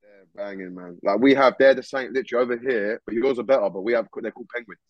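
A guest musician chats loosely in a casual interview, full of life, slang and free-flowing swearing. He talks fast in a medium-pitched voice, and the dull, dry recording has no echo.

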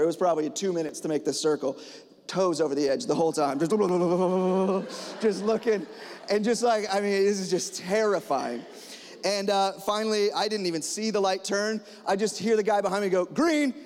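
A man preaching a sermon, telling a personal story in a lively, animated way and acting out the dialogue with lots of fillers. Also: sits high. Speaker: pastor. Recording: hall reverb.

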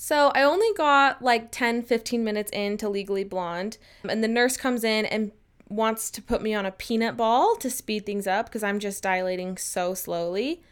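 A woman in her twenties tells a personal story to camera in a casual vlog. She is chatty and upbeat and slips into animated quotes. Her voice is smooth, clear, and a touch high. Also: normal speed. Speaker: vlogger.

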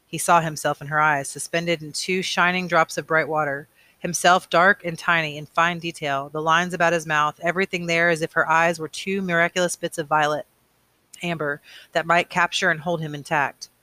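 A man reading a novel aloud, unhurried, with casual asides and small slips. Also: fairly high pitch, level tone, sharp tone, no echo. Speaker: reader.

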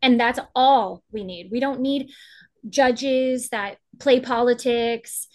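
Impassioned woman guest, slightly high voice. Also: steady tone, slow pace, darkish tone. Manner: impassioned, emphatic, acts out quotes. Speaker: guest, advocate. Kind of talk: podcast interview.

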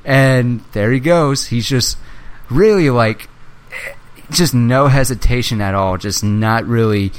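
A young man chatting excitedly as a podcast co-host, swearing freely and acting out movie lines as he retells scenes. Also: medium pitch, slow, clear, resonant tone. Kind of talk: casual chat.

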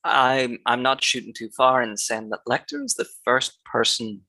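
A man's voice: medium pitch, fairly even intonation, moderate pace, bright, forceful tone, no echo, poor audio. A man co-hosting a podcast, talking through a film in a laid-back, analytical way and breaking into laughs now and then. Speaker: podcast co-host. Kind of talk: casual film-discussion chat.

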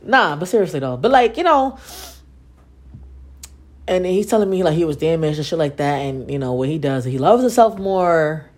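On her podcast, a young adult woman tells stories casually, sarcastically and with plenty of profanity, voicing the dialogue herself. She speaks at a moderate pace in a deep, expressive voice with a darkish tone.

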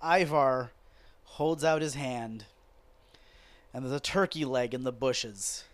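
A man hosting a podcast, ranting sarcastically and profanely about wrestling in a casual, animated way. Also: medium pitch, slow pace, no echo. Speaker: podcast host.

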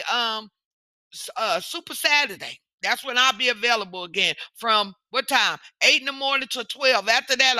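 A woman hosting a motivational podcast as a coach, talking in a sassy, animated, preachy way and calling out to the listener. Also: on the high side, no echo.

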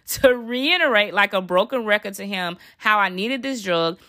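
Lady podcaster, chatty and animated, bright voice, dry close mic. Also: medium pitch, dry recording. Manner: animated, chatty, addresses listeners as sis and child. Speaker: podcast host. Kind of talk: storytelling podcast monologue.

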